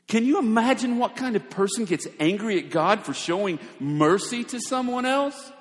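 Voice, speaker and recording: A man preaching a sermon, shifting between quiet asides and raised, emphatic lines. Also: high voice, lively intonation, normal speed, few pauses. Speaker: pastor. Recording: long hall reverb.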